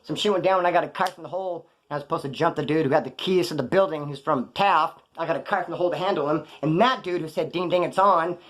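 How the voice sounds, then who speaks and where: A man's voice: a little high, fast, hardly any pauses, a bit bright. A man casually telling prison stories in a blunt, profane, slang-heavy way, acting out the dialogue. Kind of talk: casual storytelling.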